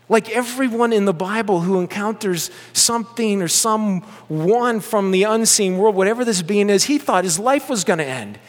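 A man preaching a sermon in a church, animated and conversational, with joking asides to the congregation. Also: high voice, moderate pace, few pauses. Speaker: pastor. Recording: long hall reverb.

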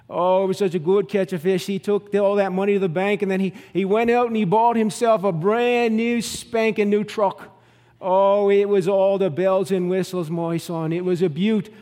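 A man putting on a jolly Newfoundland yarn-spinner. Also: in a large hall. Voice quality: high, loud, animated telling with drawn-out words. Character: jovial male Newfoundland joke-teller, folksy storyteller.

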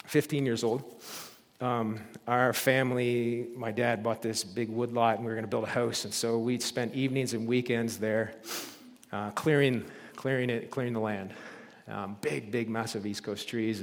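A man preaching a sermon as a pastor, telling stories and rising to loud, emphatic peaks. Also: medium pitch, fairly even intonation, moderate pace, in a large hall.

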